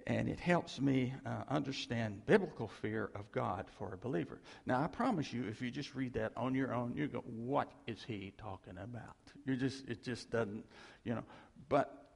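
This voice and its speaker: A man preaches with a husky, gravelly voice that sits a little high for a man. He talks in an animated way, chuckles often and calls out to the congregation. His voice rings through a large hall with a long reverb. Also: moderate pace. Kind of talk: sermon.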